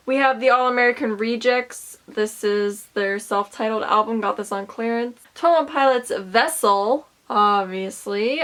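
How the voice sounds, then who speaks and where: A young woman chatting casually in a show-and-tell vlog, listing things with bursts of excitement. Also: a little high. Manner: chatty, enthusiastic, lists items with bursts of excitement. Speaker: vlogger.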